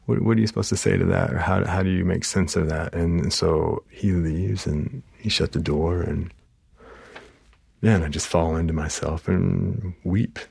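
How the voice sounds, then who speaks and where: Man, therapist, halting emotional retelling, deep husky voice, dry close sound. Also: steady tone, a little mellow, no echo. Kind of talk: personal storytelling.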